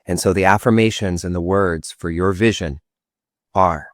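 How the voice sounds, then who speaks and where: A man slowly guiding listeners through an affirmation meditation in a soothing, drawn-out way, as a workshop teacher. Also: sits low, fairly even intonation, a bit bright, no room sound, clean studio sound. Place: online workshop session.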